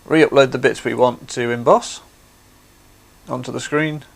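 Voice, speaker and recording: A man's voice: mid-range voice, fairly even intonation, a little slow, gravelly. A man hosting a craft livestream, chatty and explaining things step by step. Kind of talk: casual demonstration.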